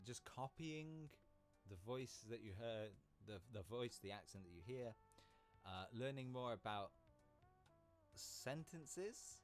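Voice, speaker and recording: A man chatting casually while live-streaming a game, rambling and laughing easily. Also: fairly low pitch. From Britain.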